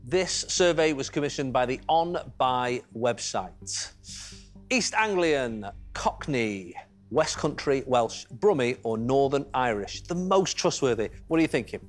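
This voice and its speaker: A man's voice: mid-range voice, expressive, a little slow, faint music behind. A man hosting a TV quiz show in a studio, chatty and teasing with the contestants. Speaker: game show host. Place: TV studio with audience.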